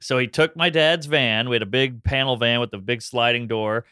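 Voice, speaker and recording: A comedian in his thirties from New Orleans, Louisiana, is a guest in a casual chat, telling a story animatedly and acting out the voices of the people in it. He speaks at a moderate pace with a medium pitch and a clean tone. The recording is studio quality, with no room sound.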